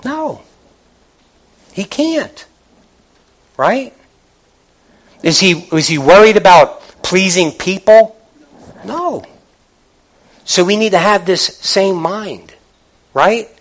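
A man preaching a sermon in an animated, conversational way, asking the congregation questions and acting out quoted voices. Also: high-pitched, takes it slowly, long pauses, low-quality recording.

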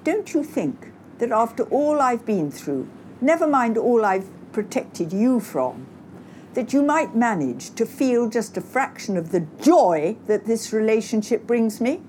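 A woman's voice: on the high side, big pitch swings, slight background noise, pitched above the performer's own voice. A woman voicing an indignant mother. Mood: impassioned. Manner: measured, then forceful and impassioned. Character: middle-aged mother, indignant, finally standing her ground.

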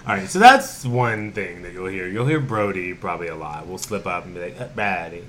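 A man co-hosting a casual podcast, teasing his friend with quick, profane interjections. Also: sits low, lively intonation, a bit bright. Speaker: podcast co-host. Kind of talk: casual chat.

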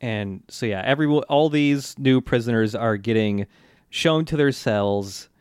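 A man's voice: medium pitch, a little slow, a little mellow, clear, resonant tone, no echo, clean studio sound. A man co-hosting a podcast, chatting casually as he recaps an anime episode, rambling loosely with lots of fillers and restarts. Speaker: podcast co-host.

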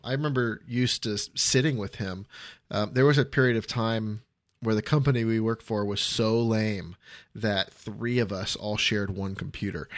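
A man's voice: lowish voice, fairly bright tone, dry recording, clean studio sound. A middle-aged man hosting a podcast on his own, talking casually with lots of ums and uhs. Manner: easygoing, full of ums and uhs. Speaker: podcast host. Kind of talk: casual solo podcast monologue.

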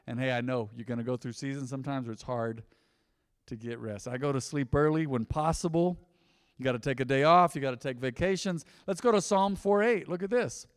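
Speaking from a church sanctuary, this pastor, a man in his thirties, delivers a casual sermon full of asides and rhetorical questions. His mid-range voice runs a little fast and sounds smooth, carrying the big-room sound of the space.

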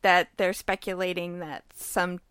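A woman's voice: fairly low pitch, flat delivery, a little slow, fairly bright tone, clear, resonant tone, no room sound, studio quality. A woman co-hosting a podcast in a casual chat, laughing often and chiming in briefly. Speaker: podcast co-host.

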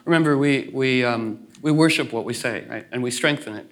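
A man's voice: medium pitch, a little fast, a bit bright. A man talking as a guest in a reflective conversation, meandering and playful, with many restarts and acted-out asides.

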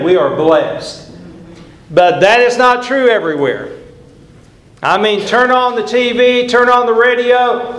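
An older man preaching a sermon in a church, earnest and emphatic, repeating key phrases for weight. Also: high-pitched. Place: church sanctuary. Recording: echoey church room.

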